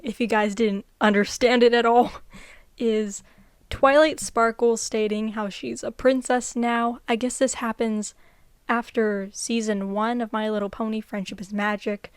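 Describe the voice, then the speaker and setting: A woman's voice: fairly high pitch, fairly even intonation, measured pace, smooth, no room sound, clean studio sound. A young woman vlogger giving unscripted casual commentary, chatty and rambling, laughing often.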